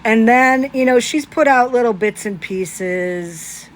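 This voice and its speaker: A woman's voice: a little high, expressive, takes it slowly, slight background noise. A woman ranting in casual commentary on a phone livestream, indignant and piling up rhetorical questions.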